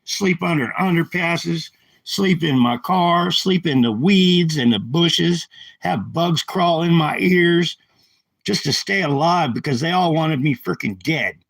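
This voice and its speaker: Worked-up man on a phone live stream, gravelly, slightly high, dry close sound, repeats himself. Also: a bit bright, no room sound, low-quality recording. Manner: agitated, ranting, repeats himself. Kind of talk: angry livestream rant. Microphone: handheld phone.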